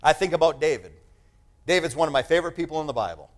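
A male preacher delivering a sermon, emphatic and animated, repeating phrases for effect. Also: fairly high pitch, fast talker.

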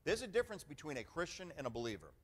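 A man's voice: fairly high pitch, big pitch swings, racing. A middle-aged man preaching a sermon as pastor, emphatic and conversational, often calling for an "amen" from the congregation.

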